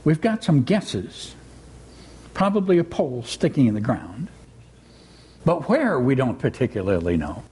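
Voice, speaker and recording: A man giving a gentle, reflective spiritual talk in sermon style, weaving in a read-aloud story. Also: mid-range voice, big pitch swings, unhurried, pauses often, husky. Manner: gentle, reflective, reading with voices. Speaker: spiritual teacher.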